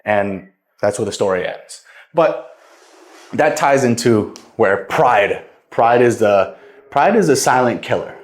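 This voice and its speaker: A man's voice: mid-range voice, animated, slow, echoey room. A young man casually retelling a Bible parable, rambling and repeating words as he goes. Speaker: vlogger.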